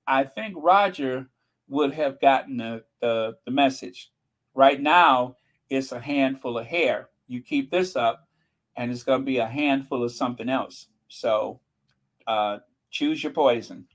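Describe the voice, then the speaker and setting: A man's voice: mid-range voice, a little slow, poor audio. A man hosting his channel in casual gossip commentary, sassy and mocking. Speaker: channel host.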